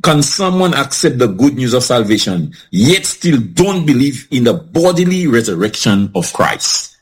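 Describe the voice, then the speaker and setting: Husky man moderating a Bible discussion. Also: mid-range voice, very animated, low-quality recording. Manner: reads scripture slowly, asks questions, laughs often.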